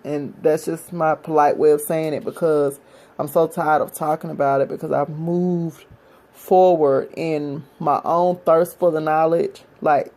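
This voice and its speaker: A woman's voice: deep voice, a little mellow, low-quality recording. A woman vlogger who is out of breath, reading a history passage aloud and then speaking earnestly and directly to her viewers.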